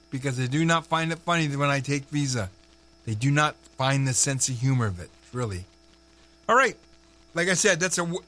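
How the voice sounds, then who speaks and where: A man's voice: on the high side, fairly bright tone. A man, hosting a local radio show in a chatty way and dropping joking asides between announcements. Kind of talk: casual radio chat with announcements.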